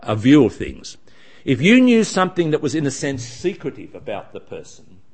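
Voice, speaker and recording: A man leads a Bible study in a chatty, wandering way, often restarting his sentences. His pitch swings widely, with lots of lift and drop. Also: darkish tone. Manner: chatty, digressive, frequent restarts.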